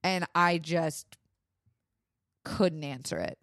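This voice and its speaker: A woman's voice: sits low, slow pace, no echo, clean studio sound. A young woman co-hosting a podcast, telling a story in casual chat and acting out what people said, with lots of "like". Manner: animated storytelling, acts out quotes, frequent "like". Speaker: podcast co-host.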